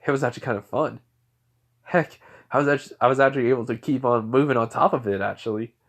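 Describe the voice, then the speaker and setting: A man voicing a calm, cocky teenage boy hero who talks in a relaxed, smug way. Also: mid-range voice, fast talker, close to an everyday voice.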